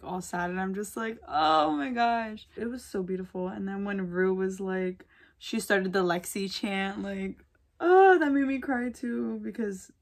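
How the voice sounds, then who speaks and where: A young woman chats her way through a makeup tutorial. Her talk is slangy and gossipy, with "like" in nearly every sentence. Her pitch sits in the middle range for a woman. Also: a little mellow. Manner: gushing, gossipy, slangy, lots of "like". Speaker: beauty vlogger. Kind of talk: casual chat during a makeup tutorial.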